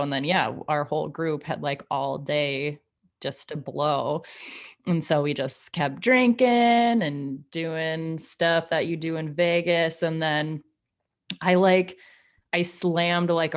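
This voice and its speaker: Low-pitched woman, podcast co-host, animated casual storyteller. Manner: animated storyteller, acts out her own lines. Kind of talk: casual chat.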